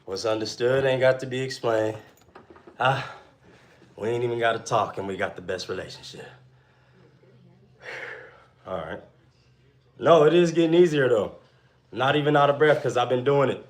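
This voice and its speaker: A man's voice: mid-range voice, moderate pace, pauses often. A young man on a live stream, reading viewer messages aloud and answering them in slangy, laid-back banter. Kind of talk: casual live-stream chat.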